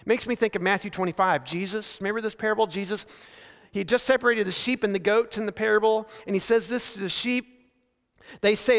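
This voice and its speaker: High-voiced male preacher in a reverberant hall. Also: a bit bright. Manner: conversational storytelling preaching with frequent slowdowns for emphasis. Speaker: pastor. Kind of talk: sermon. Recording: long reverb of a large hall.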